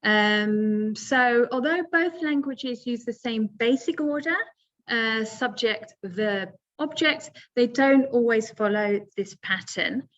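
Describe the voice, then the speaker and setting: A woman's voice: on the high side, slow pace, a bit bright, highs cut off. A woman teaching English pronunciation in a webinar, patient and step by step, with many fillers. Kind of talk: webinar lesson.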